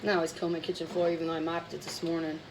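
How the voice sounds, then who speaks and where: Chatty low-voiced woman with bronchitis. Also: monotone, racing, noisy background. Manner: rambling, blunt, chatty with fillers. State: sick with bronchitis, coughing. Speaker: cooking vlogger. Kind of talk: casual chatty cooking vlog. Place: home kitchen.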